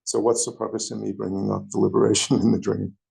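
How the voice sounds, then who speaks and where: A man's voice: on the low side, little pitch movement, creaky, darkish tone, breathy edge. A man with a New York accent, speaking hesitantly and correcting himself as he searches for words in a group meeting. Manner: hesitant, halting, self-correcting. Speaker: meeting participant. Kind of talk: searching conversational dialogue. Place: meeting room.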